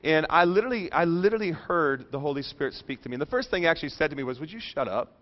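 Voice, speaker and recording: A middle-aged man preaching a sermon, telling a personal story with jokes and dropping soft and low for serious moments. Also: racing. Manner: animated, joking, drops soft and low for emotional parts. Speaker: pastor. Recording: dull lo-fi sound.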